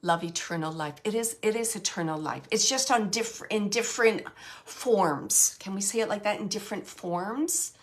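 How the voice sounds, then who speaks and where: A woman's voice: medium pitch, normal speed. Rambling, reassuring woman medium. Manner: rambling and self-correcting, warm reassuring tone. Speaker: medium hosting a live chat. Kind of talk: casual live-stream chat answering viewer comments.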